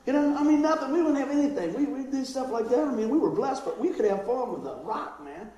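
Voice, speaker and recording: Animated high-voiced man preaching in an echoey hall. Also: fast, muffled recording. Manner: animated, laughing, storytelling with acted voices. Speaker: pastor. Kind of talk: sermon with personal storytelling.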